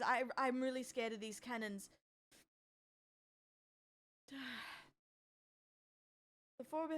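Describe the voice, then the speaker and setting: A woman streamer chatting casually with her live audience, full of "like" and "um" fillers and prone to startled shrieks. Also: high-pitched. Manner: jumpy, letting out startled shrieks.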